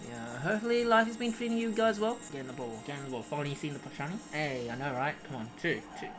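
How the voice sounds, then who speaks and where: A woman streaming a video game, chatting casually with her viewers, pleading with the game and bursting into excited shouts. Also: sits low, quick pace, over music. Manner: chatty, greets and answers chat, pleads with the game. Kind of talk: casual live-stream commentary while playing.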